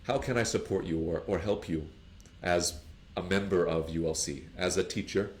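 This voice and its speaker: Male English teacher, low voice, lively explainer who plays both sides of sample dialogues. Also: moderate pace. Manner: animated, acts out phone dialogues with higher put-on voices. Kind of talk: lively classroom explanation with acted example dialogues.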